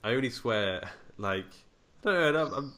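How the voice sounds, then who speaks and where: A man's voice: medium pitch, animated, normal speed, a bit bright. A man co-hosting a podcast, chatting casually and rambling about a film, laughing often. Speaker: podcast co-host.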